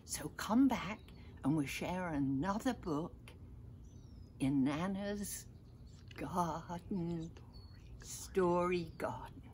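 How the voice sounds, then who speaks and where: Older woman, storybook reader for kids, gentle, unhurried, sing-song pitch. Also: animated, a little hiss or hum. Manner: gentle, asks listeners little questions. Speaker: storyteller grandmother. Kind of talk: reading a picture book aloud to children.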